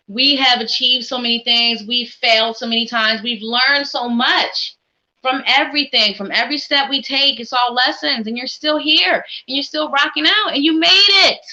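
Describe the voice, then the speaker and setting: A woman's voice: sits high, pushed and bright, muffled recording. A woman hosting a live psychic reading stream, talking in an upbeat, encouraging, chatty way. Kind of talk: casual live-stream chat.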